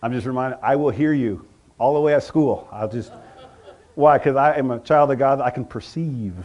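A man preaching a sermon, calling out to the congregation and swinging between loud and soft. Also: medium pitch, moderate pace, muffled recording. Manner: preaching with call-and-response, rising and dropping in volume. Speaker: pastor.

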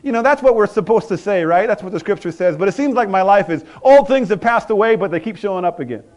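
A man preaching a sermon, calling out to the congregation and swinging between loud and soft. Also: high-pitched, expressive, fast talker. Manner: preaching with call-and-response, rising and dropping in volume. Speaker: pastor.

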